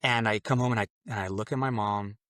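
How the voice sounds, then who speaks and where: This podcast guest, a man in his late twenties, recounts how he converted, speaking earnestly and loosely as he acts out what he used to think. His slightly bright, lowish voice keeps a steady tone and moves a little fast. The sound is clean studio audio without echo.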